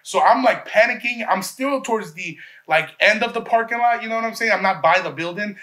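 A man from Chicago tells a rambling, profanity-laced story in casual talk. His voice sits high and bright, and he stumbles through restarts while acting out what others said. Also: fairly quick. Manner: profane, rambling, restarts often, acts out quotes.

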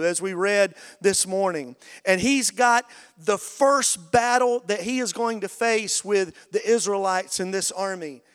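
A man preaching a sermon as pastor, energetic and rousing the congregation to call back. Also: high voice, clean tone. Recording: long reverb of a large hall.

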